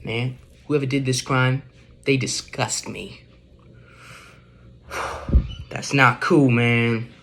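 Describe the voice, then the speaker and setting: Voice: mid-range voice, steady tone, extremely slow, pauses often, fairly bright tone, slight background noise. Someone doing an exasperated ranting dude. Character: irritated young guy venting. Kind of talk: amateur comedy sketch acting.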